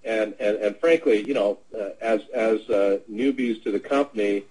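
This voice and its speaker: A man's voice: lowish voice, moderate pace, darkish tone, poor audio. A middle-aged man presenting a webinar, telling a sales anecdote in a casual, rambling way with many fillers and restarts. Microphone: webinar audio.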